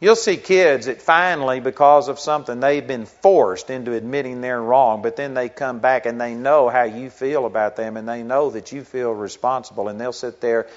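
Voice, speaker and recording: A man's voice: mid-range voice, moderate pace, few pauses. A middle-aged man, a pastor, preaching a sermon in an earnest, conversational way that builds into emphatic stretches. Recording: dull lo-fi recording.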